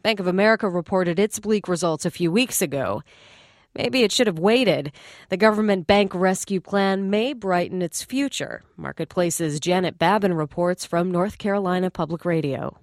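Low-voiced woman radio news host. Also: no echo, studio quality. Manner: brisk, conversational delivery with wry asides. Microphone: studio microphone.

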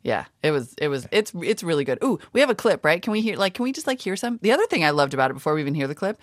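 A woman's voice: deep voice, big pitch swings, rapid-fire, no echo, clean studio sound. Chatty woman co-hosting a talk show. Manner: chatty, enthusiastic, tangential. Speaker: podcast co-host. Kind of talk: casual chat. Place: radio studio.

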